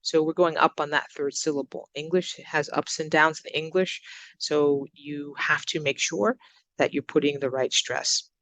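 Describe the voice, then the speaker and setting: A woman teaching English to learners, giving example sentences and repeating words slowly with exaggerated stress. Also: sits low, fairly even intonation, a bit bright. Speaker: ESL teacher. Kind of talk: recorded English lesson.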